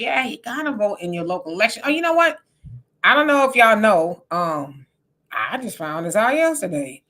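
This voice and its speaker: A woman's voice: medium pitch, normal speed. A woman hosting a live stream, chatting casually, reading viewer comments aloud and laughing often. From Texas. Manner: animated, laughs often, greets viewers by name.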